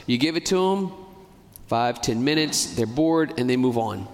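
Priest preaching a heartfelt homily, middle pitch, echoing sanctuary. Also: male voice, lively intonation. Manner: earnest, pleading, speeds up and slows down. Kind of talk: sermon. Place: church. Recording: church hall reverb.

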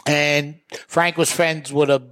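A man co-hosting a podcast in casual chat, telling old comedy-club stories with quick jokey asides. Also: on the high side, little pitch movement, fairly bright tone. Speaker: podcast co-host, former open mic host.

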